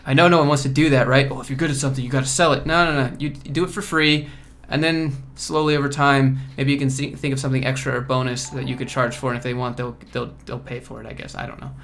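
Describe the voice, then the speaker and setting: A man from Georgia hosting a casual livestream Q&A from home, relaxed and offhand as he reads and answers chat questions. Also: medium pitch, fast, vocal fry, few pauses. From Georgia, USA. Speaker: coding YouTuber host.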